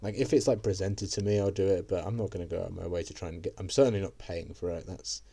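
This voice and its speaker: Young male vlogger, deep mellow voice, loose rambling storytime delivery full of fillers and cursing. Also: fast talker. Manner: rambling, heavy on fillers and swearing. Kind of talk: casual storytime monologue.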